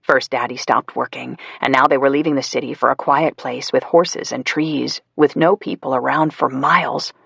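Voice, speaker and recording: A man narrating a psychological thriller audiobook in a measured storytelling manner, voicing the characters as he goes. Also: medium pitch, steady tone, creaky, fairly bright tone, slightly rough, no echo. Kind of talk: scripted narration.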